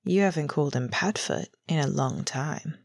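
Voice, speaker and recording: A woman voicing a young man, a loyal friend, who speaks soft and careful with light teasing. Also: on the low side, normal speed, natural voice. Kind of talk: audiobook character reading.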